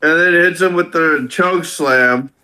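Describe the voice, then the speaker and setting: A man co-hosting a casual review chat, recounting events haltingly. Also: fairly high pitch, a crowd in the background. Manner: halting, many fillers and restarts while recounting. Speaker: co-host reviewing wrestling.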